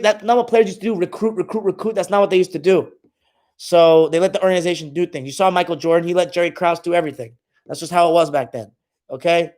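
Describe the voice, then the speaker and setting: A young man hosting a casual live stream, reading comments aloud and trash-talking his viewers. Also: fairly high pitch.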